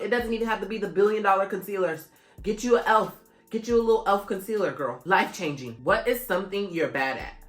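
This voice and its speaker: Young woman from florida, low-ish voice, swearing a lot, echoey room with a little music under it. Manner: blunt, profane, animated storytelling. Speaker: vlogger. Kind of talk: casual Q&A vlog.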